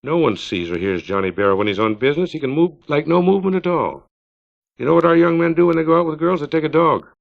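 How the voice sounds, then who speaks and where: A man reading the part of a calm, matter-of-fact farmer in a short story, voicing him only lightly. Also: a little high, fast talker, vocal fry, pitched above the performer's own voice. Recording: dull lo-fi 1950s LP recording.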